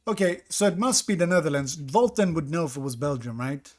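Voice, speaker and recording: A man's voice: on the high side, lively intonation, brisk. Man thinking aloud while streaming a game. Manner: thinks aloud, second-guessing himself. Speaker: streamer playing a geography game. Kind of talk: live-stream commentary reading chat.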